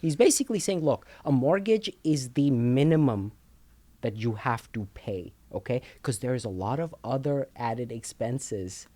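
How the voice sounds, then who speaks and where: A man's voice: medium pitch, animated, unhurried, mellow, no room sound. A man co-hosting a casual talk show, explaining finances emphatically, repeating words and checking in with "okay?" a lot.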